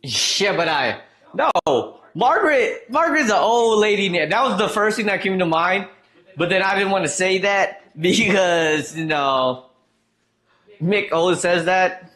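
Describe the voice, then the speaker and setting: A man's voice: high-pitched, takes it slowly, sharp tone. A man streaming live, chatting casually and reading out chat messages, trailing off and restarting as he goes.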